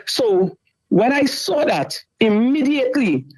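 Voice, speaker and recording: A woman's voice: sits high, sing-song, takes it slowly, darkish tone, rough recording. A middle-aged woman, telling a distressing story in a talk show and repeating herself as she goes. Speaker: caller. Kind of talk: emotional storytelling.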